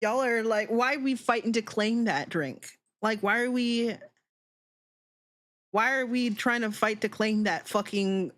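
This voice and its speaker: A woman's voice: mid-range voice, fairly bright tone. A woman VTuber streamer in casual chat, ranting with lots of swearing and laughing often.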